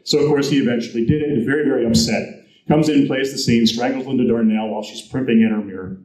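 A male guest speaker gives a lively, anecdotal storytelling presentation at a convention, acting out the quotes he tells. He talks fast at a medium pitch, and the recording, made from the audience, has a roomy echo.

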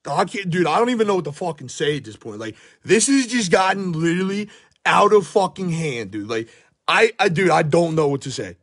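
A young man with a hoarse, worn-out voice, frantically narrating a card pack opening at home, swearing and shouting in disbelief while filming on his phone. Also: fairly high pitch, expressive, a little fast. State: hoarse, voice shot. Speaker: sports card pack breaker. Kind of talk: hyped live pack-opening commentary. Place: at home by a table.

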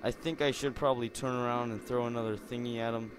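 A young man giving silly, rambling commentary on a game, jumping from mumbles to squealing shouts. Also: mid-range voice, steady tone, fast, slight background noise. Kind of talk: goofy gameplay commentary.

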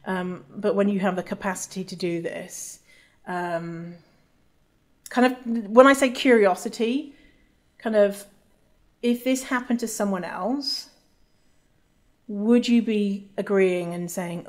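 A woman's voice: medium pitch, steady tone, slow pace, long pauses, a little mellow. A woman hosting a solo podcast, talking casually and candidly, swearing freely and restarting her sentences often. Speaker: podcast host.

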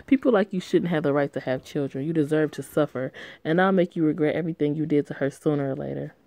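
A woman with a low, mellow voice gives crude, sassy commentary while she reads a story. She is foul-mouthed and blunt. The sound is dry. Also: fast talker, dry recording.

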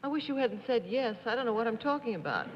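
A woman's voice: on the high side, sing-song, quick pace, noisy background. A woman on a TV game show panel, chatty and self-mocking. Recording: dull 1950s TV studio sound with hall echo.

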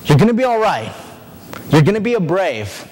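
A man voicing a protective father who speaks slowly and softly to reassure. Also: high voice, big pitch swings, big-room sound, a little hiss or hum, pitched below the performer's own voice. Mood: tender.

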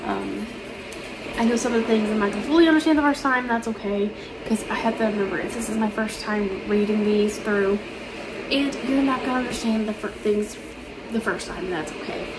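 A woman's voice: mid-range voice, lively intonation, a little fast, noisy background. A woman chatting casually to camera as a book vlogger, rambling with lots of ums and restarts. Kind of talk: casual chat.

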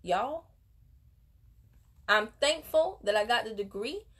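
A woman's voice: on the high side, animated, slow pace. A woman network marketing coach giving an emphatic, preachy motivational talk while unboxing on a casual vlog, recorded on a phone at home. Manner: emphatic, preachy, motivational, addresses viewers as y'all. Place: room at home.

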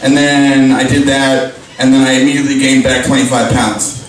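A young man performs a stand-up set at a live pub show, rambling with many fillers and crude jokes while the audience laughs. His voice is mid-range with a level tone and normal speed, and the distant mic in the very echoey pub room adds slight background noise.

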